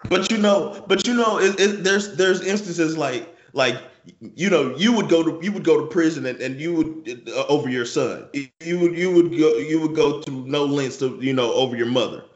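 A man's voice: on the high side, normal speed. Man, podcast co-host, casual chat, rambling restarts, roomy, muffled. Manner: rambling, repeats words, builds hypotheticals.

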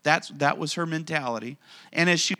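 A man preaching a sermon in a church, animated and acting out the voices of people in the stories he tells. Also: a little high, brisk. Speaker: pastor. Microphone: handheld or stand mic.

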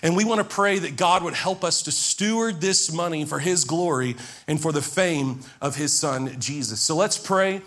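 A man in his forties preaching as a pastor, telling personal stories in a conversational way and praying in a low, soft voice. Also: moderate pace. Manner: conversational storytelling, drops low and soft in prayer. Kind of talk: sermon with prayer and personal stories.

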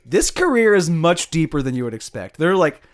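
A man's voice: a little high, very animated, brisk. A man co-hosting a podcast in casual chat, talking loosely with lots of fillers and frequent laughs. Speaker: podcast co-host.

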